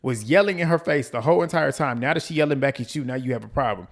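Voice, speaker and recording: A man hosting a reality TV recap, ranting in a blunt, profane, animated way and repeating lines for emphasis. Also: medium pitch, quick pace. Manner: quotes people in mimicking voices. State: out of breath. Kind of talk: casual commentary recap.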